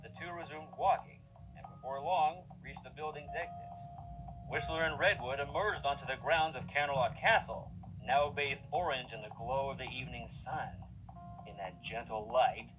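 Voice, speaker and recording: A man reading narration for a fanfiction audio story in a steady, measured way. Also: mid-range voice, noisy background. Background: background music.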